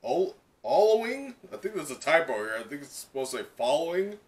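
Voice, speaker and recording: A man hosting a live comic reaction who talks in an excitable, rambling way with lots of "like". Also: medium pitch, fast. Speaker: reaction video host.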